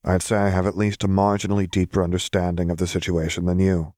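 Narrator doing an earnest young hero, deep quiet voice, firm. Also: male voice, completely flat delivery, fast talker, dry recording, studio quality, lightly acted. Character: determined, sincere young man, tired but firm.

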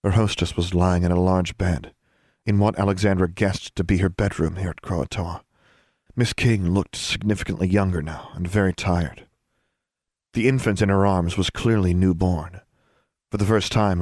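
A man narrating a fan fiction story as an audiobook, with steady, even storytelling. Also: low voice, no echo, studio quality.

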